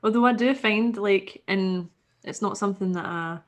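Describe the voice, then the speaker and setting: A woman's voice: medium pitch, normal speed. A woman from Scotland with a Scottish accent, a guest in a casual chat who laughs often.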